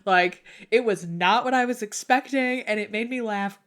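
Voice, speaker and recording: A woman's voice: medium pitch, moderate pace, a bit bright. A young woman co-hosting a podcast, chatting casually about books, with frequent laughter, lots of "like" and some swearing. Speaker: podcast co-host. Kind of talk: casual book chat.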